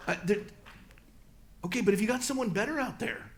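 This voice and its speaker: Middle-aged male pastor, higher-pitched, emphatic church delivery. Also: expressive. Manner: emphatic, rising to loud peaks, then dropping low and slow. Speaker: guest pastor speaker. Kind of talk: church talk and Q&A answer. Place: church hall.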